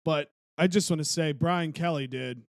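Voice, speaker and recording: A young man co-hosting a casual sports podcast, blunt and swearing in quick outbursts. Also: a little high, gravelly, no room sound, clean studio sound. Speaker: podcast co-host.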